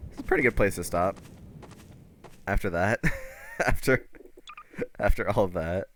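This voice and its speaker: A man's voice: deep voice, unhurried, slight background noise. A young man streaming a game, casual and self-mocking, laughing often and swearing. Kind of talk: casual gameplay commentary.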